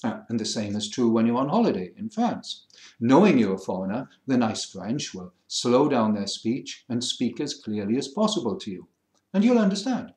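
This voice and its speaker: A middle-aged man with a middle-class educated English accent, explaining things in a measured, wry teaching manner. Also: medium pitch, sing-song, a little mellow, roomy sound. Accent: standard English, middle-class educated. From England. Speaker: French listening teacher. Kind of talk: lecture to camera.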